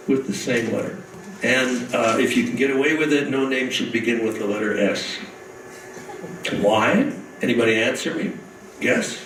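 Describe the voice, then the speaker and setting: A man giving an author's talk at a writing conference, chatty and full of "uh" fillers as he tells anecdotes and quips with the audience. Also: medium pitch. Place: conference room. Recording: echoey hall, mic at a distance, faint hiss.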